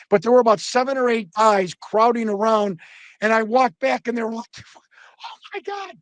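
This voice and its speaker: A middle-aged man telling a profane, animated backstage story in casual conversation. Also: high voice, dry recording. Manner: profane, animated anecdotes with quoted voices. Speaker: guest storyteller.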